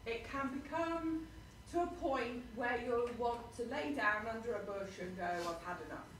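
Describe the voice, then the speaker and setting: A woman preaches a sermon to her congregation, telling a personal story and posing rhetorical questions. Her voice is on the high side and unhurried, with slight background noise. The hall sounds roomy, with faint ambience.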